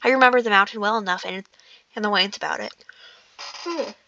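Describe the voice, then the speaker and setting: A woman's voice: medium pitch, fast, bright, forceful tone, a little hiss or hum. A woman voicing a proud, doubtful male dwarf leader in a storybook reading, stumbling and restarting phrases. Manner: stumbling, self-correcting reading. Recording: dull lo-fi recording.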